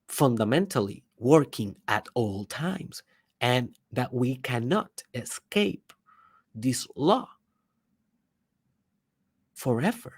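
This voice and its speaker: Speaking in a mid-range voice, a man hosting a personal development podcast delivers an emphatic motivational monologue. It lurches between loud bursts and hushed asides, with rhetorical questions aimed at the listener.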